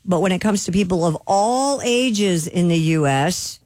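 A woman's voice: on the low side, expressive, unhurried, a little mellow, no room sound. A woman co-hosting a casual talk show, reading out word definitions and chatting with her co-hosts. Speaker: radio show co-host. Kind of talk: casual morning show banter.

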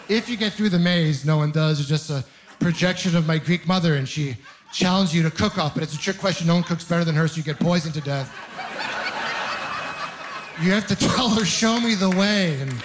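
A young adult man doing a stand-up comedy set, telling rambling, self-mocking stories with quick asides and stammering restarts. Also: on the high side.

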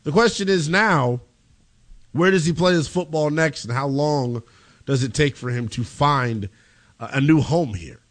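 A male sports radio host sits in a studio and works through the story at a steady, measured pace. He offers firm opinions, and his voice is a touch higher than most men's. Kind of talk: sports talk radio commentary.

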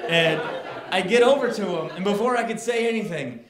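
A man doing a stand-up comedy set, telling a long story and building to loud, exasperated punchlines. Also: high voice, fairly quick. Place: comedy club stage with a laughing audience. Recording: roomy club recording with crowd laughter.

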